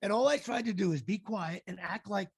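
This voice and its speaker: A man's voice: high voice, a little fast, gravelly, a little hiss or hum. A man, an actor and comedian, telling stories in a casual interview and acting out the people he quotes. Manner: animated storyteller acting out quotes.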